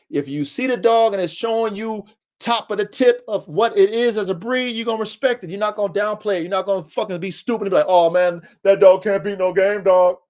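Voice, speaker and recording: Emphatic high-voiced man lecturing. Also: a little mellow. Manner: emphatic, preachy, repetitive lecturing with casual slang. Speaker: podcast host. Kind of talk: livestream podcast monologue.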